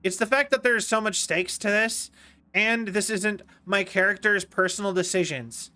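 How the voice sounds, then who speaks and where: A man's voice: high voice, moderate pace, bright, forceful tone. A young man streaming a game, chatting casually in a rambling, playful way that keeps stopping and restarting. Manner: rambling, self-interrupting, playful. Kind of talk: casual gameplay commentary.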